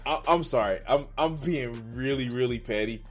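A man's voice: mid-range voice, moderate pace, soft background music. A man live-streaming his reactions, playful, teasing and profane.

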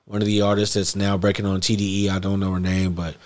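A man's voice: low-pitched, level tone, quick pace, darkish tone. A man hosting a casual hip hop podcast chat, talking in a loose, laid-back way and swearing freely.

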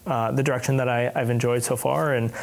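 Male podcast guest, mid-pitched, halting and easygoing delivery. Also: steady tone, vocal fry. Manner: halting, with many restarts and laughs. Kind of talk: casual conversational interview.

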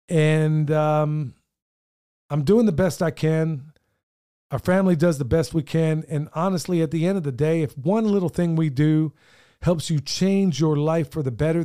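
A man's voice: on the high side, moderate pace, dark tone, smooth. A middle-aged man, co-hosting a podcast in earnest, rambling casual chat, his voice wearing thin. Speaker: podcast co-host.

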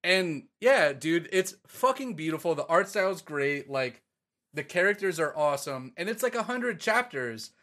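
A man in casual podcast chat, excitedly and profanely retelling a story to his co-host. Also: on the high side, moderate pace.

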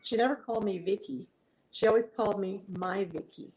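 A woman's voice: mid-range voice, fairly quick, darkish tone, poor audio. Earnest woman telling heartfelt stories. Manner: earnest, heartfelt storytelling with restarts. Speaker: guest singer-songwriter. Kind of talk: casual interview chat.

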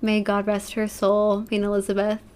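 A woman co-hosting a podcast in relaxed, casual chat, sharing her views and murmuring agreement. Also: mid-range voice, moderate pace, smooth. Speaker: podcast co-host.

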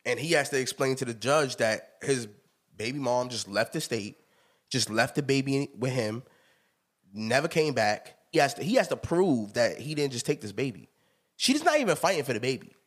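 Guy in his 30s on a podcast, really animated, laughing a lot, just chatting casual. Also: medium pitch. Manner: animated, emphatic storytelling with frequent laughs. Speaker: podcast host. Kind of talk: casual chat.

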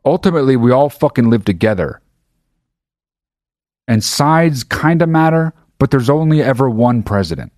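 A man's voice: mid-range voice, animated, moderate pace, a little mellow, no room sound, studio quality. A man hosting his own podcast, talking in a casual, profane and emphatic monologue. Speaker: podcast host.

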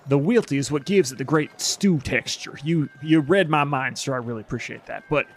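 A man voicing a smooth-talking male cook who bargains with oily, flattering salesman patter in a tabletop game. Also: mid-range voice, a little fast, lightly acted. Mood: bargaining.

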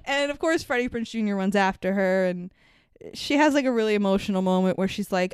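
A woman's voice: medium pitch, normal speed, clean tone, no echo, studio quality. A woman co-hosting a movie podcast, talking casually and animatedly, swearing freely and laughing often. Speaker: podcast co-host. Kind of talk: casual movie review chat.

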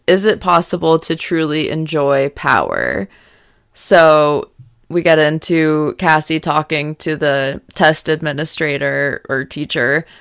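A young woman hosting a podcast, recapping a TV episode in frank, casual chat full of "like" and raising her voice when excited. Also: low voice, clean tone, no room sound, studio quality. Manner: chatty, frank, lots of "like" fillers; gets loud when excited. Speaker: podcast host recapping a TV series.

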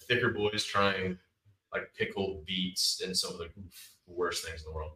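A man's voice: low-pitched, fairly even intonation, a little slow, sharp tone, slight background noise. A man as a guest in a casual chat, joking in loose banter. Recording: roomy, mic at a distance.

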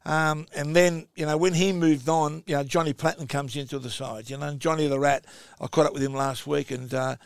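A gravelly Australian man in his sixties tells long, wandering stories as a podcast guest. His slightly raised voice is peppered with fillers and asides. It sounds dry and close. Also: a little high, level tone, fairly quick, no room sound. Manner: rambling anecdotal storyteller, many fillers. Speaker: guest, former footballer. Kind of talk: casual podcast chat.

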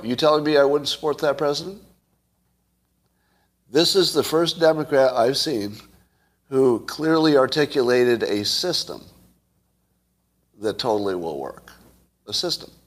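Hosting a solo commentary show, a man makes his case conversationally and poses questions to his listeners, his pitch and loudness swinging widely.

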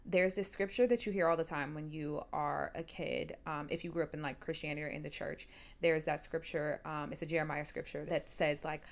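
A young woman co-hosting a casual podcast, with a notably low voice for a woman. She talks openly and emphatically, stamping her points with a firm "period.". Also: steady tone, fairly quick, creaky, hardly any pauses. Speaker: podcast co-host. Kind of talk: casual chat.

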